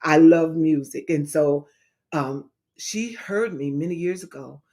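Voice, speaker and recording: A woman's voice: deep voice, a little slow, mellow. A middle-aged woman evangelist in a casual livestream talk, speaking in an emphatic, repetitive, preacher-like way.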